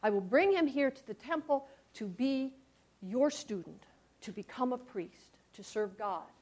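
A woman's voice: fairly high pitch, lively intonation, measured pace, darkish tone. Earnest yearning woman, as a storyteller voices her. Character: devoted, yearning woman longing for a child. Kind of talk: storytelling aloud.

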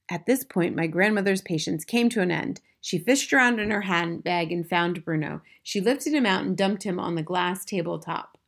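A woman reading a children's novel aloud in a clear, expressive storybook narration. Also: fairly low pitch, moderate pace. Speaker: audiobook narrator.

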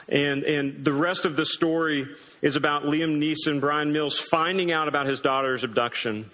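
Bright-voiced earnest male preacher. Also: mid-range voice, low-quality recording. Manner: emphatic, earnest preaching with dramatic slowdowns. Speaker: pastor. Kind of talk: sermon.

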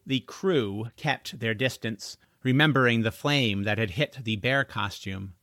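A man reading a children's novel aloud as its narrator, in expressive storytelling. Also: mid-range voice, a little slow, dry recording, clean studio sound. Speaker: audiobook narrator. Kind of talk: scripted narration.

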